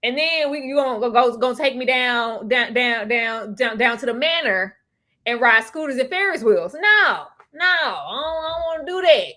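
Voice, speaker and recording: Brief: high-pitched, very expressive woman, comedic co-host, loud bursts and laughs. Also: normal speed. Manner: animated, laughing, playful with sudden loud outbursts. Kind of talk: casual comedic chat.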